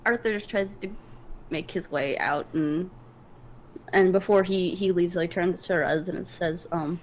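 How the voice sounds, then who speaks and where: A woman playing a tabletop game, talking in an unhurried, giggly way. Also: lowish voice, a little hiss or hum, rough recording. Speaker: player. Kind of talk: casual tabletop play.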